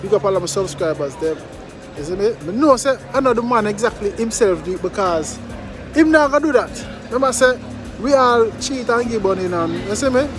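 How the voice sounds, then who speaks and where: Jamaican man ranting with high voice. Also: expressive, fairly quick, music in the background, a crowd in the background. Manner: emphatic, repetitive, patois-laced. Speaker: vlogger. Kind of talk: commentary vlog.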